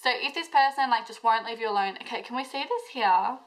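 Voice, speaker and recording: A woman with a fairly high voice gives a tarot reading to her viewers. She talks in an emotional, intense way, reassures them often and fills her pauses with "um" and "okay". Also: poor audio. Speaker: tarot reader. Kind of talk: pick-a-card tarot reading to camera.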